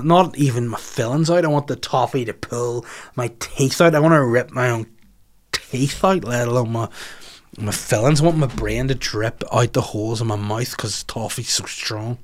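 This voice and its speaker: A comedian, rambling through listener questions in a crude, jokey podcast chat. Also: male voice, medium pitch, normal speed.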